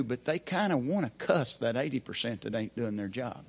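A man's voice: mid-range voice, expressive, moderate pace, gravelly, husky. A man preaching a sermon from the pulpit as pastor, folksy and plain-spoken, asking the congregation rhetorical questions. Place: church pulpit.

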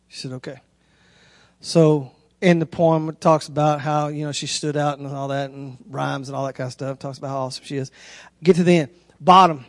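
A man's voice: a little fast, no room sound, studio quality. A man, preaching a sermon through a folksy, conversational story. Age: 30s. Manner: folksy, conversational storyteller, voice rises high when excited.

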